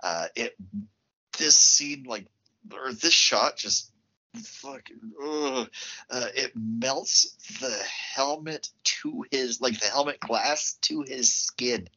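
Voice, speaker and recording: A man co-hosting a podcast, chatting casually about films in an expressive, reactive way. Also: mid-range voice. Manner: expressive and reactive, quick asides. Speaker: podcast co-host. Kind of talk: casual film discussion. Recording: slightly muffled lo-fi podcast audio.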